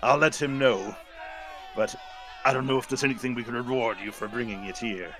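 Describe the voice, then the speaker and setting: A man narrating a tabletop game as game master, halting often with fillers. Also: medium pitch, steady tone, fairly bright tone, a faint crowd.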